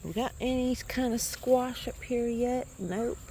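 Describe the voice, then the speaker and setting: A woman gives a casual tour of her outdoor garden for a vlog, rambling and self-correcting as she goes. Her voice is fairly high and mellow, her pace unhurried, with slight background noise.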